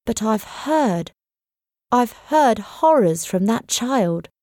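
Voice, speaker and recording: A woman's voice: fairly high pitch, animated, slow, a little mellow, no echo, clean studio sound, voice pushed up. A woman voicing an anxious, tearful housekeeper who speaks in a pleading way. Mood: distressed.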